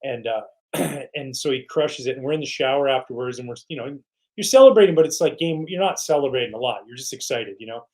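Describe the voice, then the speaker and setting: A middle-aged man, a retired pitcher guesting on a podcast, telling stories in a casual way and acting out teammates' lines. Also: a little fast, rough recording. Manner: animated, quotes teammates in voices. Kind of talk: casual storytelling.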